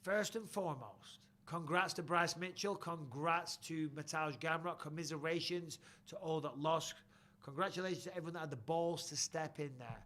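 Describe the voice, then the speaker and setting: Brief: middle-aged man hosting a live chat, bright and slightly high voice, sweary and lively. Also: normal speed. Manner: lively, sweary, blokey banter. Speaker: host. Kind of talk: live chat shout-outs.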